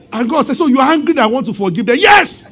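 A man's voice: very high-pitched, rapid-fire, breathy edge. A man preaching a sermon, retelling a story with acted-out voices and frequent laughter. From Nigeria. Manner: animated storytelling, acting out voices and laughing often. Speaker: pastor.

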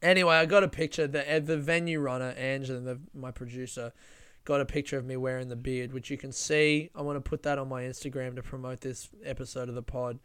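A young man, a comedian and podcast host, telling a story in a casual, animated way, laughing and swearing often. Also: medium pitch, fast talker, smooth, dry recording, studio quality.

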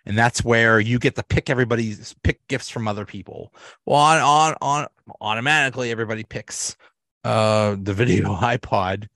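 A man's voice: medium pitch, moderate pace, fairly bright tone, no echo, studio quality. A man hosting a solo podcast, recapping episodes in a rambling, casual way with restarts and laughs. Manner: rambling, many restarts and fillers, laughs often. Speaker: podcast host.

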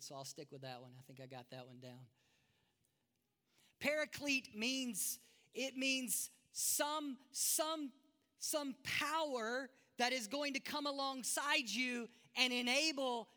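A man's voice: very high voice, bright, forceful tone. A man preaching a sermon as pastor, emphatic, with self-deprecating asides, in a church sanctuary. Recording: long reverb of a large hall.

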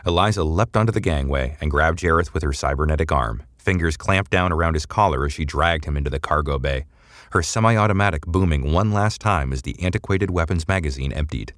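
Deep-voiced male narrator for a sci-fi audiobook, measured and dramatic, dry close mic. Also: fairly bright tone, no room sound. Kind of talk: scripted narration.

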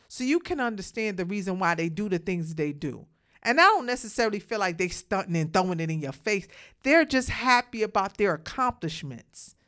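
A woman's voice: mid-range voice, smooth. A woman talking straight to her viewers in a casual, outspoken monologue, calling them "hunties" and preaching about letting people be happy. She mentions having the hiccups. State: has the hiccups.

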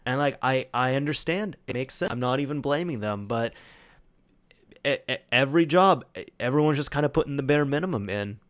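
A man hosting a solo podcast, casually telling a story with lots of restarts and animated retold dialogue. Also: medium pitch, brisk. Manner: rambling, with many restarts and fillers; quotes friends in animated retellings. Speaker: podcast host.

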